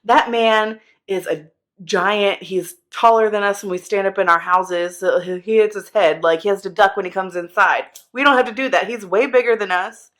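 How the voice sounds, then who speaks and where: A woman's voice: mid-range voice, normal speed, fairly bright tone, close to an everyday voice. A woman voicing a worried older king who talks in a cautious, lecturing way. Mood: warning.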